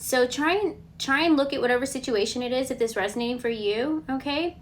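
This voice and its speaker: A woman giving a casual collective tarot reading, relaxed and reassuring. She thinks aloud and often checks in with a questioning "okay?". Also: high-pitched, fairly quick, a little hiss or hum. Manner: chatty, ends points with a questioning "okay?". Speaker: tarot card reader.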